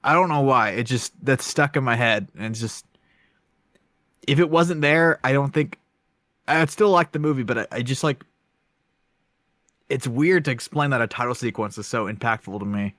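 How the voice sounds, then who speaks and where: A man's voice: mid-range voice, moderate pace, long pauses, a bit bright, no room sound, studio quality. Rambling man reviewing a film. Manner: rambling, self-conscious, many fillers and restarts. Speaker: podcast co-host. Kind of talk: casual podcast film review.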